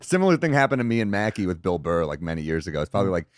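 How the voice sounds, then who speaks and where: A comedian guest in casual chat, telling quick anecdotes and laughing often. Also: male voice, deep voice, sing-song, no room sound, clean studio sound.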